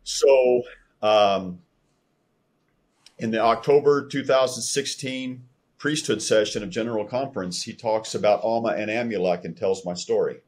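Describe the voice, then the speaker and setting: A man's voice: on the low side, measured pace. A man from Texas, telling his story as a podcast guest and acting out the dialogue he recounts. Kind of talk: storytelling interview.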